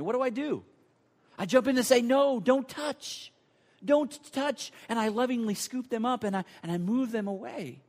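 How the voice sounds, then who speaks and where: A man preaching a sermon as pastor, earnest and building to emphatic points before turning hushed and prayerful. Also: high voice, big-room sound.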